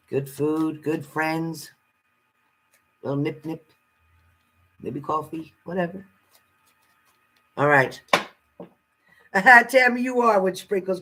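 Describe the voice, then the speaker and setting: A woman's voice: lowish voice, a bit bright, rough recording. A woman giving a casual live-stream tarot card reading, chatty and salty, greeting viewers fondly and swearing freely.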